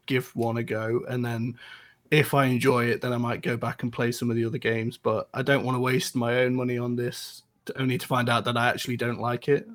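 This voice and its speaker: A man co-hosts a gaming chat and explains his view in an earnest, thoughtful way. His voice is mid-pitched and ordinary. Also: level tone, fairly quick, a bit bright. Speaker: co-host.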